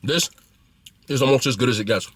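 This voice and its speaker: A man's voice: mid-range voice, fairly quick, husky. A man casually reviewing food he is eating, chatty and blunt, with loose slangy talk.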